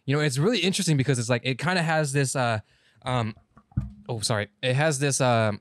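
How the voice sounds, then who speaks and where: A man's voice: medium pitch, brisk. A man co-hosting a podcast in casual chat, rambling through an anime plot, correcting himself and swearing casually. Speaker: podcast co-host.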